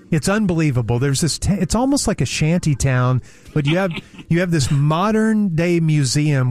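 On a talk show, a man with a mid-range, slightly mellow voice tells a travel anecdote in a casual, chatty way. He repeats words and mimics the people he quotes.

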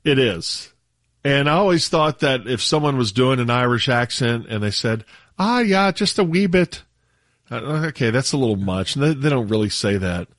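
A man from the United States, a radio show regular, chatting casually on air in a laid-back, halting way with frequent laughs. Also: medium pitch, a bit bright, dry recording, studio quality.

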